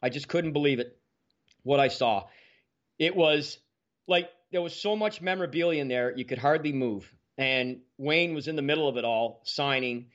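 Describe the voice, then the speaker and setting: A man, a podcast guest telling stories in a lively way and acting out the dialogue. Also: medium pitch, moderate pace. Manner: animated, acts out quoted dialogue. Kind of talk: casual storytelling. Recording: dull lo-fi sound.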